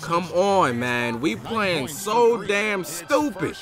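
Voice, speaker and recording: A young man commentating his own basketball video game, loud and exasperated, yelling and swearing at the players. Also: high-pitched, sing-song, takes it slowly, hardly any pauses. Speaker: gaming YouTuber. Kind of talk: live gameplay commentary. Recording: game music behind the voice. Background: game music and basketball commentary.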